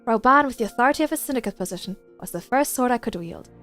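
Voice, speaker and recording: A woman's voice: a little high, expressive, racing, a bit bright, soft background music. A woman voicing an earnest, dutiful young queen while reading game dialogue aloud. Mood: earnest, solemn.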